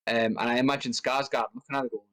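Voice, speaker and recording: A man co-hosting a film podcast, talking in a rambling, animated way that jumps up in pitch when he rants. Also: fast, poor audio. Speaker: podcast co-host. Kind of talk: casual film discussion.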